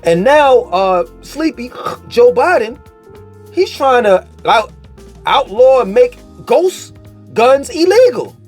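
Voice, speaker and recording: A man with a high, lively voice rants straight to camera in a casual commentary. His delivery is animated and profane, swinging between mockery and insistence. His pitch leaps around constantly. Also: takes it slowly, faint music behind. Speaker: vlogger.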